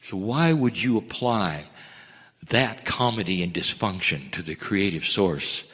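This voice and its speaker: A man delivering a channeled spiritual message, measured and earnest, addressing listeners as dear ones. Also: sits low, a bit bright. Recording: long reverb of a hall.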